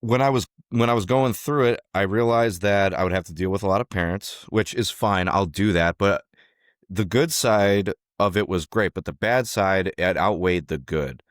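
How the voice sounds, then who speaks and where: A young man telling a coaching story in casual chat, animated, acting out quotes and swearing freely. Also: low voice, normal speed, no echo, studio quality. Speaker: podcast co-host, former youth wrestling coach.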